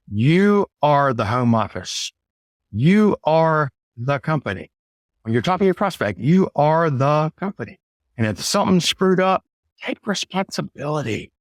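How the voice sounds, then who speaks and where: A man's voice: on the high side, very animated, moderate pace, no room sound, studio quality. A man telling a work story as a sales trainer in a casual monologue, blunt and emphatic, with mild cursing and frequent "right?" asides. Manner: conversational, often asks "right?".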